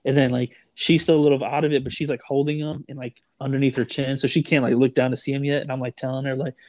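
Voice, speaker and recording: A man's voice: medium pitch, flat delivery, quick pace, a little mellow, no echo. A young man telling a story in casual chat, rambling with lots of "like", "dude" and "bro". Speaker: storyteller guest.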